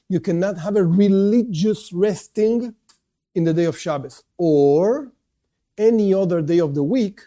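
A man teaching a religious class, asking and answering his own questions in a lively way. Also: high-pitched, moderate pace. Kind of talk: religious lesson.

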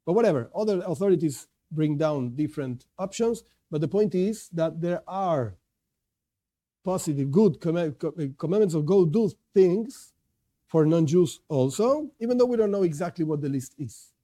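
Male lecturer, religious class, earnest and emphatic, voice pitched somewhat high. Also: animated, normal speed, warm tone. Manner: earnest, stresses key words, repeats and restarts. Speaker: Torah teacher.

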